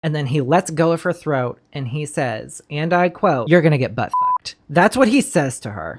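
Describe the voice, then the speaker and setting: A woman's voice: deep voice, big pitch swings, moderate pace, hardly any pauses. Woman host, casual recap commentary, blunt and emotional, swears a lot.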